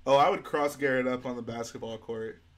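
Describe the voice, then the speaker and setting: A young man hosting a casual live stream, reading out viewer comments and answering them in a relaxed way while he builds. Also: mid-range voice, a little fast. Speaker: livestream host.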